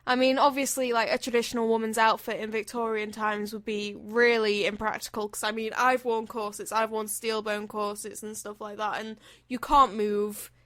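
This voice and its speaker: A woman's voice: a little high, level tone, moderate pace, hardly any pauses, a bit bright, no room sound. A young woman co-hosting a casual podcast, rambling and chatty, swearing now and then. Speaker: podcast co-host. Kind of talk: casual chat.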